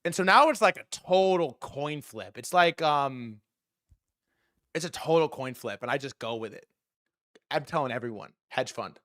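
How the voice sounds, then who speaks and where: Young male stream host, casual profane storyteller, lively pitch, dry close mic. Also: moderate pace, no echo. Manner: animated, profane, switching voices for quoted people. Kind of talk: casual storytelling with acted quotes.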